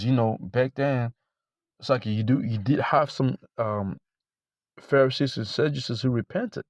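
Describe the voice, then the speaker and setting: A man preaching informally to camera, blunt and profane, repeating himself and reading scripture slowly. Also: mid-range voice, a little mellow, no echo, studio quality. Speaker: religious teacher.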